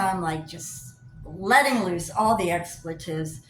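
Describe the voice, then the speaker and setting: An older woman chatting to camera as a vlogger, telling stories in an animated way and acting out both sides of her phone calls. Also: lowish voice, slow, hardly any pauses, faint music behind. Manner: animated storyteller, acts out both sides of calls, gets loud when riled. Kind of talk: casual chat to camera. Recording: echoey room with faint hiss.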